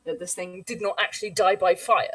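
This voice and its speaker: A woman's voice: lowish voice, steady tone, brisk, a bit bright, no room sound. A woman playing a tabletop game, thinking aloud about her character's moves. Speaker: player. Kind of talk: casual tabletop play. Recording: slightly distant from the mic.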